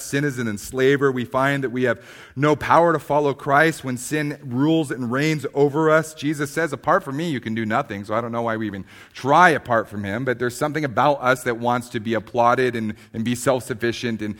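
A man preaching a sermon, swinging from emphatic, rising passages to quiet, slow stresses, often restarting on repeated words. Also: mid-range voice. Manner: emphatic preaching, rising loud then dropping to hushed. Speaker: pastor.

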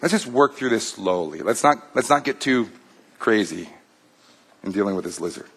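A man's voice: fairly low pitch, animated, normal speed, a bit bright, husky, exaggerated voice. A man voicing a tormented man who makes hesitant, stammering excuses to keep his vice. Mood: evasive.

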